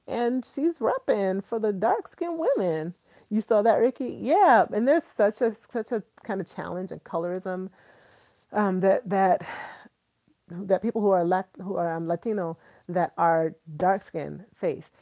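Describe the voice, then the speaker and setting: A woman's voice: medium pitch, warm tone. A woman hosting a casual livestream, chatting enthusiastically with viewers, calling them y'all and repeating herself for emphasis. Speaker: livestream host.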